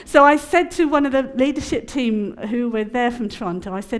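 A woman's voice: on the high side, fairly quick. Chatty woman sharing testimony. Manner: chatty and expressive, laughs often. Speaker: conference speaker. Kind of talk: personal testimony and teaching.

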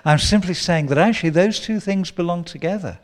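A man preaching a sermon, teaching with lively quoted prayers and asides. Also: high voice, fairly quick. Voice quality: gravelly.

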